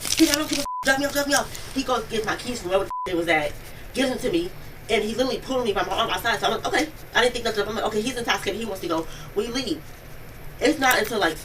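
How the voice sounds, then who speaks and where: A woman tells police what happened in a rapid, breathless rush, her words tumbling out at high speed. She is heard from a distance through a bodycam, with steady noise underneath. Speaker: witness. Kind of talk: recounting events to police. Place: home, near the kitchen.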